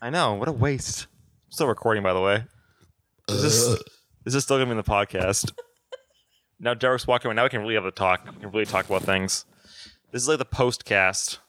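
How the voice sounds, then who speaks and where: A man's voice: fairly low pitch, brisk, long pauses, fairly bright tone. A man hosting a podcast in casual chat, joking, teasing and swearing. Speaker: podcast host.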